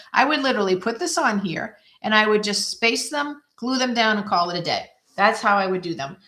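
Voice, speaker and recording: A woman's voice: medium pitch, fairly bright tone. A woman hosting a casual card-making demonstration, chatting and thinking aloud as she works, poking fun at herself. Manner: chatty, self-deprecating, thinks aloud while working. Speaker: craft video host. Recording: echoey room.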